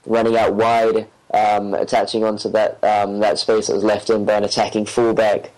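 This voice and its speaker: A man on a football podcast panel, talking in a measured, analytical way with frequent pauses and fillers. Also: fairly low pitch, flat delivery, a little mellow, rough recording. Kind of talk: casual chat.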